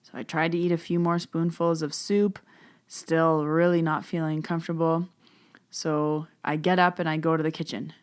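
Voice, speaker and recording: A woman with a fairly low speaking voice tells her own story as a medium. She talks in a loose, chatty podcast manner, full of "so" and "like", and she slips into a hush when she recalls whispered moments. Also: flat delivery, normal speed, clear, resonant tone. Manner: chatty, many "so" and "like" fillers, hushed when she retells whispered talk.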